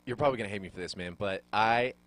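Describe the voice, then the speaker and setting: A man's voice: on the low side, racing, a bit bright, no echo. A man hosting a live radio talk show, teasing his guest playfully and using lots of um and uh. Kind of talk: casual banter on live radio.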